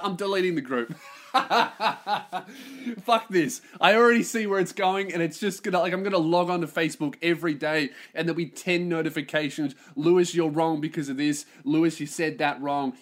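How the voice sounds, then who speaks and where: Male podcast host, solo rant, profane and self-deprecating, slightly high pitch. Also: a bit bright. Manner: ranting, sweary, self-mocking.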